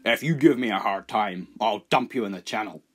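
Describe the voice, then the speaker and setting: A man's voice: lowish voice, a little fast, slightly rough, soft background music. A man voicing a cruel, bullying people smuggler in an audiobook, sneering and threatening. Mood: menacing. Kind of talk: audiobook character voice.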